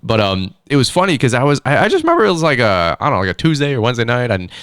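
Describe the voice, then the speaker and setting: A man's voice: medium pitch, wildly swooping pitch, racing, a bit bright, smooth, dry recording, clean studio sound. A man hosting a podcast, chatting casually with a guest, with a loose manner and lots of "dude" and "bro". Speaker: podcast host. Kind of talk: casual chat.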